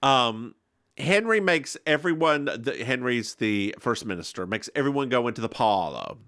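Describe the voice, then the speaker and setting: Recorded in a studio with no room sound, a man with a mid-range voice and moderate pace recaps a podcast episode alongside his co-host. It's a casual, giggly chat where he acts out lines in animated fashion.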